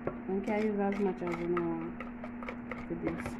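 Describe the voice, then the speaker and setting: Jamaican woman, chatty and low-energy pace. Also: fairly even intonation, a little slow, heavy background noise. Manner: chatty, teasing, laughs often. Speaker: YouTuber. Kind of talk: casual how-to vlog.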